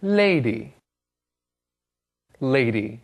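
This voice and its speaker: Male co-host for a kids' English show, lively and deliberate. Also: medium pitch. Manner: clear, upbeat, carefully spoken. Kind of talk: children's TV English lesson.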